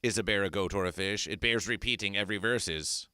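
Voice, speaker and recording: A man's voice: lowish voice, brisk, bright, forceful tone, clean tone, no echo, clean studio sound. A man hosting an absurdist comedy stream, making grandiose, repetitive, mock-solemn proclamations. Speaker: comedy performer. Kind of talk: absurdist livestream chat.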